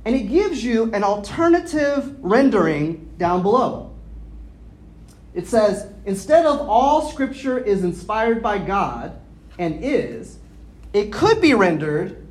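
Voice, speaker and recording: A woman preacher giving a teaching sermon, explaining things step by step, asking her listeners questions and sounding out Greek words slowly. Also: medium pitch, big pitch swings, darkish tone. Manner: explanatory, asks the audience questions. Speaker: pastor.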